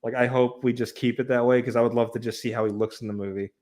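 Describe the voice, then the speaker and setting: A man hosting a casual podcast chat, excitable, laughing often and swearing casually. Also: medium pitch, quick pace. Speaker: podcast host.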